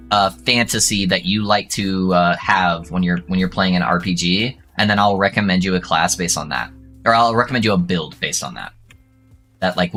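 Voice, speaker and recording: Bright-voiced male streamer, faint music. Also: sits low. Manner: excited whoops and laughs between relaxed chatter. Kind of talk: casual gaming stream chat.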